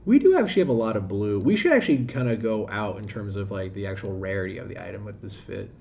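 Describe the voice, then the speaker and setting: A man's voice: lowish voice, expressive, fast, gravelly, a little mellow, slight background noise. A man streaming a game, chatting casually and thinking aloud, often restarting his sentences. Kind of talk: casual live-stream chat.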